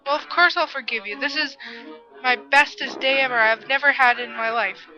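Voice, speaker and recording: A woman voicing a bossy, sharp-tongued teenage girl in a read-aloud story. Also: high voice, moderate pace. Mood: joyful. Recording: muffled lo-fi with music behind.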